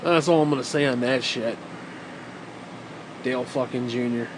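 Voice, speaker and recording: A man's voice: mid-range voice, normal speed, background noise. Profane, sarcastic man ranting. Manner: profane, sarcastic, rambling rant. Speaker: vlogger. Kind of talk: rambling monologue.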